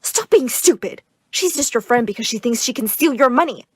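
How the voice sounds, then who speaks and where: A woman's voice: a little high, expressive, fairly quick, slightly rough, no room sound. A woman voicing a money-obsessed mother who commands and scolds. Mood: shrieking. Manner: shrieking, commanding. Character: shrill money-obsessed mother, bossy and scornful.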